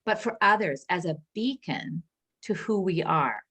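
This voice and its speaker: A woman minister giving a reflective spiritual talk, gentle and searching, with pauses and restarts. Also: fairly low pitch, lively intonation, husky.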